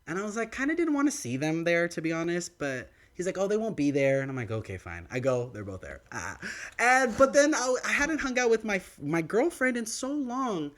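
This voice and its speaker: A young man co-hosting a podcast, telling a story in casual chat and acting out the quoted lines of others. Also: brisk. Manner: animated, acts out quoted dialogue with big pitch swings. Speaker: podcast co-host. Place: podcast studio.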